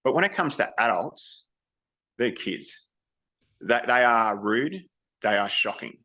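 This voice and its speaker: An Australian man talks candidly as a guest on an interview, his voice bright and forceful, with a middling pitch. He tells his stories in a frank, loose way and often restarts his sentences as he goes. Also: sing-song, takes it slowly, rough recording. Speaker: podcast guest, army veteran. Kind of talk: casual interview storytelling.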